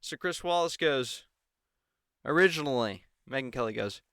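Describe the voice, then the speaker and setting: A man's voice: medium pitch, expressive, moderate pace, a bit bright, clean tone, no room sound, studio quality. A man giving a sarcastic commentary on a televised debate and mocking the anchors. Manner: mocking, mimics the anchors in exaggerated voices. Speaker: political commentator.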